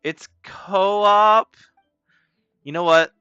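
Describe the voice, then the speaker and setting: A man chats through a live game in a bright, tense voice, joking, rambling, swearing and breaking into loud excited yelling. The sound is dry, close and somewhat dull, with faint music underneath. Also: sits high, drawn-out words, clean tone, no echo. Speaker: gaming streamer. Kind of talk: casual live gameplay commentary.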